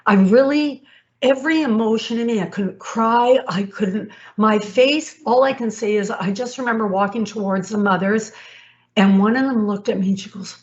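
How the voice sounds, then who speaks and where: A woman's voice: medium pitch, moderate pace, darkish tone. A woman in her fifties, a podcast guest telling an emotional personal story in a rambling way, with restarts and acted-out dialogue. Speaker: guest, co-founder of a sports league. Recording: slightly muffled recording.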